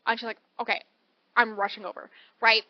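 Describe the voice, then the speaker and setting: She talks fairly quickly in a somewhat high voice, co-hosting a laid-back book podcast where she animatedly recaps a story and voices its characters. There's no echo, but the highs are cut off.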